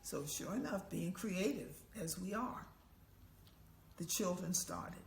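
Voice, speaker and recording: An older woman telling a story as an elder, lively and acting out the voices and chants of the people in it. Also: on the low side, takes it slowly, gravelly, a little hiss or hum. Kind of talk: oral storytelling. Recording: echoey room with faint ambience.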